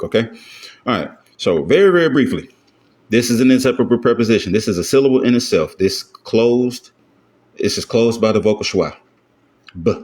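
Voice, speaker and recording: A man giving a casual, step-by-step grammar lesson, often checking in with his listeners. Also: lowish voice. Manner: talks things through loosely, often asks "you know what I'm saying?". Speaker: self-taught Hebrew grammar teacher.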